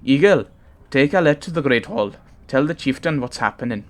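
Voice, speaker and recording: A man voicing a gruff giant warrior with a put-on Welsh accent while reading a game's dialogue. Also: mid-range voice, lively intonation, normal speed, pitched above the performer's own voice, lightly acted. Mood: urgent.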